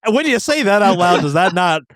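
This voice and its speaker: A man's voice: high-pitched, sing-song, fairly quick, a bit bright, no echo, clean studio sound. A young man co-hosting a podcast, talking casually and expressively with plenty of swearing. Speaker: podcast co-host. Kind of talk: casual chat.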